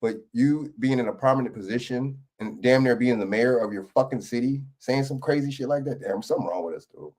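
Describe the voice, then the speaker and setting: A man's voice: mid-range voice, fairly quick, few pauses, a little mellow. A man giving heated, profane reaction commentary on a political video clip.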